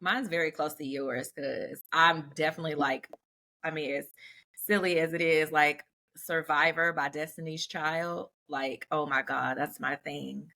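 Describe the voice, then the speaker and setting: Woman host chatting casually, laughs a lot, lots of likes and you knows, bright punchy voice. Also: deep voice, steady tone, a little slow. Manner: chatty, laughs often, many fillers. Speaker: podcast host. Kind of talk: casual chat.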